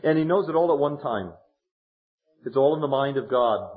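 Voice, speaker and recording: A man preaching a sermon, retelling a counseling story, animated and swinging from hushed words to loud exclamations. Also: mid-range voice, normal speed. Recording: dull lo-fi sermon tape.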